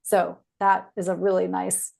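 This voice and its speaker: A woman's voice: on the low side, level tone, a little slow, vocal fry, darkish tone. A woman hosting a podcast interview, affirming and encouraging her guest. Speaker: podcast host. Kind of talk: casual interview.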